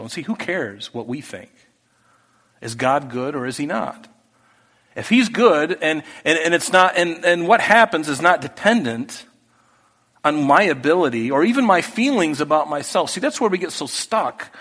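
A man preaching a sermon, talking through the text in a conversational way that moves from hushed to emphatic. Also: fairly high pitch, lively intonation, moderate pace. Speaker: pastor. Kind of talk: expository sermon. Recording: echoey hall with long reverb.

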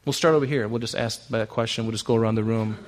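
A man's voice: on the low side, fairly even intonation, quick pace, a little hiss or hum. A male pastor preaching a sermon in a conversational way, often asking the congregation rhetorical questions.

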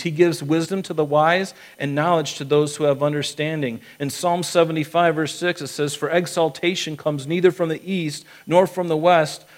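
A man's voice: a little high, low-quality recording. A man preaching a sermon as a pastor, earnest, acting out quotes and often restarting his sentences.

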